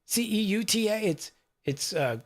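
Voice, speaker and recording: A man's voice: high-pitched, animated, measured pace. A man hosting a talk radio show in a studio, rambling casually with many fillers and asides to his producer.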